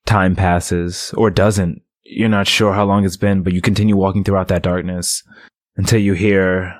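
A man narrating as game master of a tabletop game, slow and atmospheric, with restarts. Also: deep voice, little pitch movement, dry recording, studio quality.

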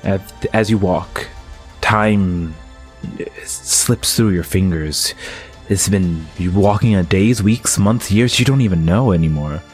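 A man narrating as game master of a tabletop game, slow and atmospheric, with restarts. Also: sits low, faint music behind.

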